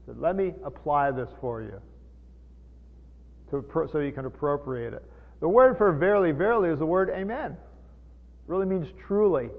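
A man's voice: fairly high pitch, creaky. A man preaching a sermon, teaching from the Bible in a folksy way, explaining Greek words and putting questions to his listeners. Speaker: pastor teaching. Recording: long hall echo, tinny phone-like sound.

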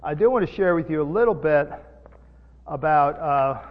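A man's voice: on the high side, animated, moderate pace. A man preaching a sermon, teaching from the Bible in a folksy way, explaining Greek words and putting questions to his listeners. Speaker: pastor teaching. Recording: long hall echo, tinny phone-like sound.

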